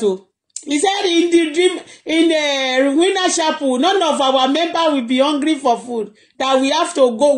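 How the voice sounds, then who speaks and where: Chatty Nigerian-accented live-stream blogger. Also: medium pitch. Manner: chatty, laughs often, switches languages freely. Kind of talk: casual live-stream commentary. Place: at home in Canada.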